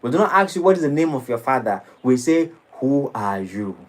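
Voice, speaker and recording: A man preaching a sermon in a temple, dramatic and lively. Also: fairly high pitch, quick pace, rough recording. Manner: dramatic, shifting into mocking acted quotes. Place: temple hall.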